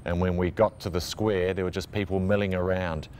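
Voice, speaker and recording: A man's voice: deep voice, flat delivery, fairly quick, a little mellow, a little hiss or hum. A man, a camera operator giving a matter-of-fact account in an interview. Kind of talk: recalled interview testimony.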